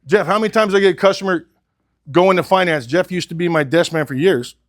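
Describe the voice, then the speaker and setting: A middle-aged man running a sales training, with a fairly high-pitched voice for a man. He talks bluntly and with animation, swears casually, keeps quizzing the group, and acts out both sides of a customer talk. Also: brisk. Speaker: sales coach.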